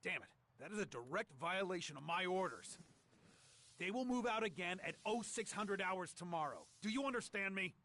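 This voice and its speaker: A man's voice: sits high, lively intonation, normal speed, bright, forceful tone, exaggerated voice. An actor playing an angry male officer in a video game, barking orders.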